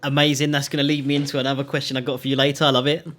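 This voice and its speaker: A man hosting a casual interview over a video call, enthusiastic and quick to laugh. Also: mid-range voice, level tone, fairly bright tone. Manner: enthusiastic, laughs a lot, says man and mate. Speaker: podcast host.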